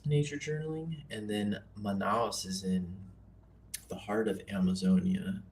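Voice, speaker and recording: A man casually teaching nature journaling on a livestream, relaxed and chatty with self-deprecating asides. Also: lowish voice, unhurried.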